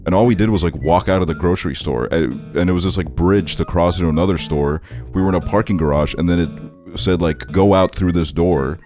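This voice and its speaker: A man's voice: low-pitched, a little fast. A young man casually telling a long travel story, rambling and swearing with lots of filler words. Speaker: streamer. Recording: music bed behind the voice. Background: guitar music.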